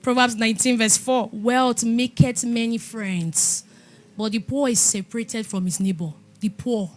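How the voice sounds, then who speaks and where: A woman pastor giving a lively testimony sermon in an animated storytelling manner. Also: on the high side, a little slow. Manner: animated storytelling, laughing and exclaiming.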